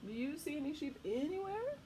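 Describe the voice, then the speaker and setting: This storytime reader has a high voice and a fairly quick pace, with a faint hiss or hum on the recording. She reads a picture book to children with animation, frequently pausing to put questions to them.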